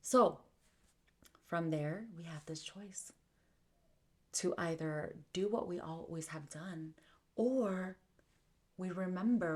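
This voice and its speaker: A woman with a slightly low voice speaks straight to her listener in a motivational self-help talk. She is emphatic, repeats her key phrases and keeps checking in with "okay" and "right.". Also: slow pace, long pauses.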